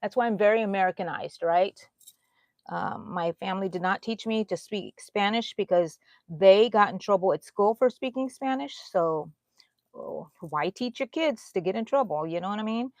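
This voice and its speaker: A woman's voice: medium pitch, moderate pace, a little mellow, no room sound. A woman from Texas hosting a casual live chat, greeting viewers by name in an affectionate, chatty way. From Texas, USA. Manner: chatty, affectionate, reads viewer names aloud. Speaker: livestream host.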